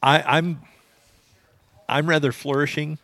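A man's voice: on the high side, steady tone, takes it slowly, fairly bright tone, dry recording. A man co-hosting a podcast, making dry wisecracks in casual chat. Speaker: podcast co-host.

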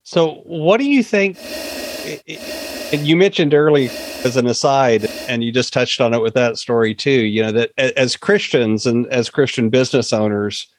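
A man hosting a podcast, asking his guest questions in an unhurried, friendly way. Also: mid-range voice, slight background noise. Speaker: podcast host. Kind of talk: interview questions.

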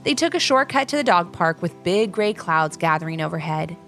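A woman hosting and narrating a children's story in a bubbly, expressive way. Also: on the low side, a little fast, soft background music. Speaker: storyteller host.

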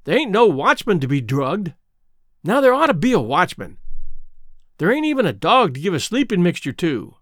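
A man doing a brash, scheming boy in an audiobook, all big plans and folksy grumbling. His voice runs high and bouncy, close and dry. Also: huge pitch swings, moderate pace, dry recording, exaggerated voice. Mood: scheming grumble. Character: bossy scheming boy, Tom Sawyer.

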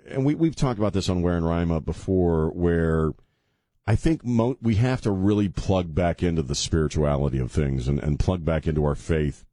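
Low-voiced man rambling on talk radio. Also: dark tone, no room sound, studio quality. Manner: rambling, self-deprecating, earnest about faith. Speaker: radio host. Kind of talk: casual talk radio monologue. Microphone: studio mic with headphones.

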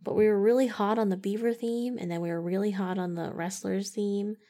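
A woman's voice: medium pitch, steady tone, brisk, warm tone. A woman co-hosting a casual late-night podcast, teasing with a dry sense of humor. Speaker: podcast co-host.

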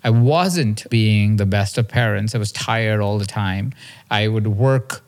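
A man's voice: lowish voice, measured pace. Earnest man telling a personal story. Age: 30s. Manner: earnest and confessional, with frequent "right?" checks. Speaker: podcast host and coach.

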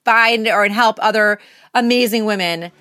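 Bright, upbeat woman podcast host. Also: medium pitch, measured pace, no room sound, faint music behind. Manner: upbeat, encouraging, chatty with fillers. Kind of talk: solo podcast outro, motivational.

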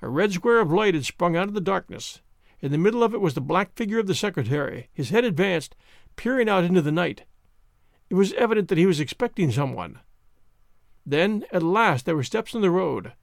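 A man reading a story aloud in an expressive, dramatic way. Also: high voice, a little fast, vocal fry, dry recording, studio quality. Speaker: narrator.

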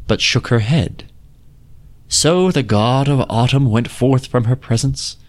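A man reading an old fairy tale aloud in a measured, lyrical storybook manner. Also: medium pitch. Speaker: narrator.

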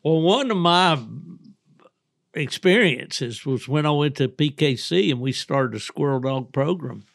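A man's voice: on the high side, animated, measured pace, gravelly, no echo, studio quality. An older man from southern West Virginia, hosting a podcast and telling rambling folksy stories with frequent chuckles. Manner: folksy, rambling storyteller who laughs often. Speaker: podcast host. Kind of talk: casual storytelling chat.

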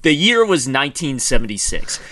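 A man's voice: mid-range voice, brisk. A man co-hosting a football podcast in casual chat, laughing often and joking. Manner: laughs often, jokey and animated. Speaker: podcast co-host.

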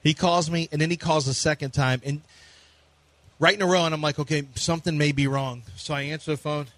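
A man's voice: fairly high pitch, fairly even intonation, brisk, fairly bright tone, dry recording. A man co-hosting sports radio, telling self-mocking stories about his son. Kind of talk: casual anecdotal radio chat.

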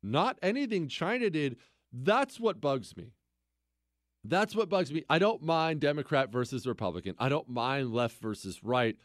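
A man's voice: moderate pace, dry recording, studio quality. A man hosting a political talk radio show, delivering a sarcastic monologue full of mocking repetition and incredulous outbursts. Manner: animated, swings into incredulous high outbursts.

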